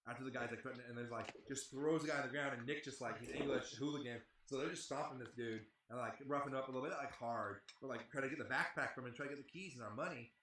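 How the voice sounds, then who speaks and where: A man's voice: mid-range voice, very fast, hardly any pauses, echoey room, background noise. A man telling a rambling, profane story in casual chat, with a lot of "like". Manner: rambling, heavy swearing, lots of "like". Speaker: band member telling a tour story.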